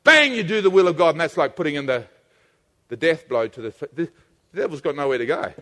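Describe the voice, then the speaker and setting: A man preaching a sermon, animated and calling on the congregation to answer him. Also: a little high, fast talker. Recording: long hall reverb.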